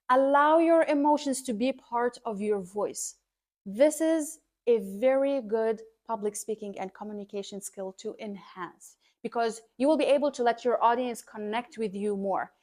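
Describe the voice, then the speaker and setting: A woman who coaches public speaking, talking to camera in an energetic, emphatic way and repeating her key points. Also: a little high. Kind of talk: scripted educational talk to camera.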